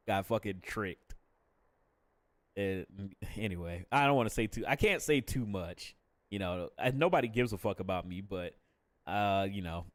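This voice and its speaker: A man's voice: lowish voice, dry recording. A young adult man casually chatting on a live stream, candid and profane, laughing often between thoughts.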